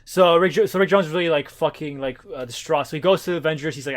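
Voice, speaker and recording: Podcast co-host, male, high and quick, loose rambling delivery with frequent swearing. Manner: rambling, swears often, many fillers and restarts. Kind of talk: casual comics podcast chat.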